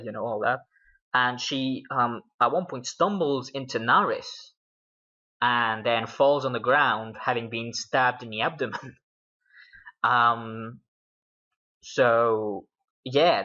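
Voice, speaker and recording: Bright-voiced British gamer recapping a session. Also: male voice, mid-range voice. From Britain. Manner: rambling, with many fillers and laughs. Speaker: game master. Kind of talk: casual recap of a tabletop game. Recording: dull lo-fi recording.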